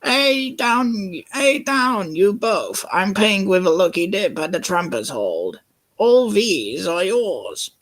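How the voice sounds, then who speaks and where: A man's voice: high voice, big pitch swings, slow pace, a bit bright, voice pushed up, full character voice. A man voicing a cranky dockside crane with a raised, barking delivery. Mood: bossy.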